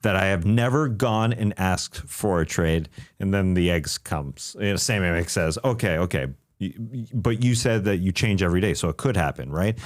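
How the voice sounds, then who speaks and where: Low voiced dude on a hoops podcast, laid back, jokes about himself. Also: male voice, normal speed, few pauses. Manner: relaxed, self-deprecating, chatty. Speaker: podcast co-host. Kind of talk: casual sports chat.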